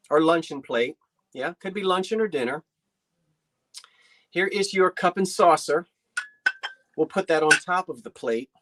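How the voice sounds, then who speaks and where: A woman hosting a live online antiques sale from her home, chatty and folksy, often trailing off and restarting as she describes each piece. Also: deep voice. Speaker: online antiques auction host. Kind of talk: live sale stream presenting. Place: decorated home living room.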